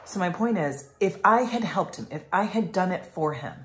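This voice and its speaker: Passionate rambling woman, low voice, echoey room. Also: expressive, normal speed. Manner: rambling, passionate, many fillers. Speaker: life coach. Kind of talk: casual vlog monologue.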